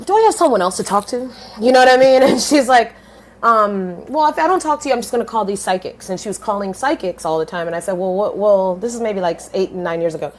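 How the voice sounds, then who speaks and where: A woman in her thirties, a podcast guest telling her story in a lively, blunt way, swearing casually and switching voices when she quotes people. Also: a little hiss or hum. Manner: animated, swings pitch widely when quoting others.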